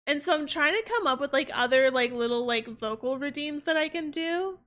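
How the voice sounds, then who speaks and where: A woman's voice: high-pitched, lively intonation, fairly quick, fairly bright tone. A young woman streaming a game, chatting casually in a rambling way. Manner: rambling, full of fillers and restarts. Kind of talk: casual chat while gaming.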